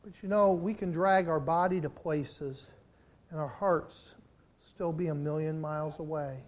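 A preacher delivering an impassioned sermon, moving from hushed, pleading lines to loud, shouted appeals and voicing prayers aloud in the first person. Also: medium pitch, steady tone, unhurried.

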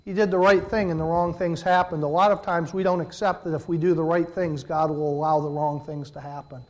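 A middle-aged man preaching a sermon, swinging from loud emphatic peaks to hushed low passages and acting out quoted voices. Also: steady tone, a little fast.

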